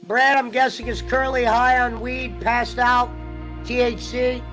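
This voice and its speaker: Very high-voiced man ranting casually. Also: little pitch movement, measured pace, over music, poor audio. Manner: profane, rambling storyteller. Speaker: streamer host. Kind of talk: casual chat.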